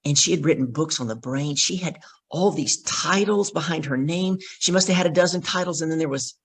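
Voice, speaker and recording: A middle-aged woman, a guest on a podcast, telling an animated story and acting out the dialogue in it. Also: sits low, a little fast, husky. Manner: acts out the dialogue in her stories. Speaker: podcast guest, professional speaker.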